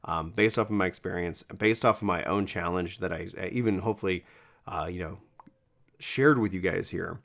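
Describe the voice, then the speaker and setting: Man, casual game vlog, fairly low voice, enthusiastic, self-correcting, voice cracks. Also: moderate pace, gravelly, fairly bright tone. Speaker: gaming video creator. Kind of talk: casual talk to camera.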